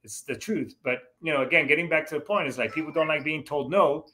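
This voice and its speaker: A middle-aged man tells a personal story straight to his viewers. His voice has a bright, forward edge. He rambles and circles back, leaning on "you know" and restarting sentences as he goes. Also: on the high side, fast talker, slight background noise. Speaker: show host, Marine veteran.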